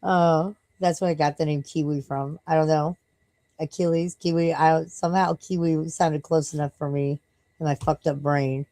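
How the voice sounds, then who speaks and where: Low-voiced, profane, tired woman streamer. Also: steady tone, normal speed, dark tone, no echo, rough recording. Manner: rambling and profane, breaks off to scold and coo at her dog. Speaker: live streamer. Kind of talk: casual late-night live stream chat.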